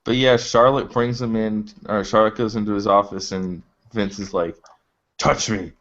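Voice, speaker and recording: A man's voice: fairly low pitch, fairly even intonation, moderate pace, fairly bright tone. A man on a wrestling podcast panel, joking crudely and acting out quoted lines. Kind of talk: casual wrestling chat. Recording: dull lo-fi sound.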